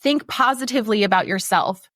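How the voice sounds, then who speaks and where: A woman's voice: a little high, a little fast, a bit bright, no echo, clean studio sound. A woman in her forties hosting a podcast, talking in a candid, casual motivational way, swearing freely and laughing often. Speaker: podcast host.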